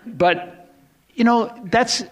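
A man preaching a sermon in a loose, conversational way, often restarting sentences and dropping to hushed asides before rising into excited emphasis. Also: extremely high pitch, drawn-out words. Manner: conversational, rambling with restarts and self-corrections. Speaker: pastor.

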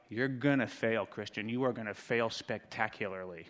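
A man preaching a sermon as pastor, swinging from quiet, intimate lines to loud, dramatic ones. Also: on the low side, normal speed, few pauses. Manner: dramatic swings from hushed to shouting. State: out of breath.

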